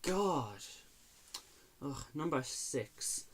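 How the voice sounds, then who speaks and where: A man's voice: on the high side, expressive, very slow. A man reviewing films in an exasperated, sarcastic rant, swearing freely. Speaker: movie reviewer. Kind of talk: ranting movie review.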